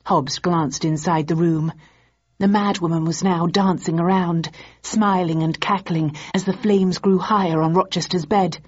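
A woman narrates a novel in a steady, measured reading. Her voice is husky and fairly low. The audio is slightly dull and lo-fi.

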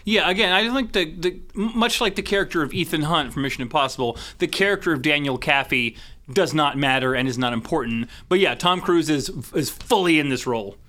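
A man's voice: on the high side, fairly quick, bright, forceful tone. A man co-hosting a podcast in casual chat, analytical with a wry edge. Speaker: podcast co-host.

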